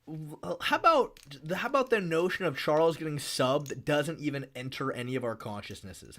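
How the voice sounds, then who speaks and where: A man's voice: fairly high pitch, animated, normal speed, hardly any pauses, fairly bright tone. A man streaming about MMA fights and betting, talking casually with chat in a rambling, repetitive way and swearing freely.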